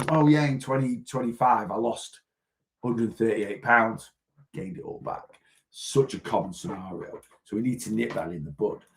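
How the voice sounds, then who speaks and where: A man hosting a casual live weight-loss chat, his voice rising and falling a lot as he talks straight to the viewer. The tone has a gravelly edge that runs through his steady, mid-height voice. He often repeats himself and checks in with the viewer. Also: on the low side.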